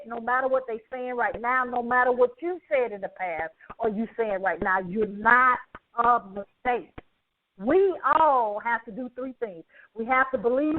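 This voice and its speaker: A woman hosting a podcast, her high voice coming through a tinny line that sounds like a phone. She talks with emphasis and feeling. She repeats her points and laughs between lines. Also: slight background noise. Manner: emphatic, emotional, repeats herself, laughs often. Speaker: podcast host. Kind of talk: casual show sign-off.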